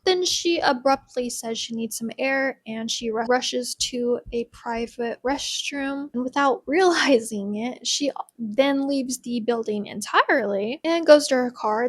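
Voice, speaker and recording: A woman's voice: fairly high pitch, dry recording. A woman casually recapping a novel, chatty and wry, dropping in side comments between the plot points. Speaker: book recapper.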